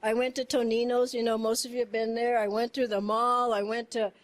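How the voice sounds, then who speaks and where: High-voiced woman telling spiritual stories. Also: a little fast. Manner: earnest, animated, laughs often, repeats phrases. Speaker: satsang speaker. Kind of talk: informal spiritual storytelling.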